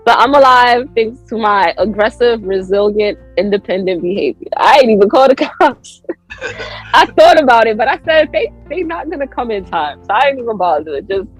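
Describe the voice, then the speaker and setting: Woman, casual storyteller, lively swooping voice, slightly high. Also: normal speed, faint music behind, poor audio. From United States. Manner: animated, acts out quotes with big pitch jumps. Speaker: podcast guest.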